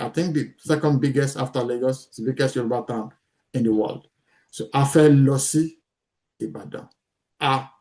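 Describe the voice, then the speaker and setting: A man's voice: a little high, darkish tone. A middle-aged man teaching a language lesson from slides, patiently repeating each word with fillers and restarts.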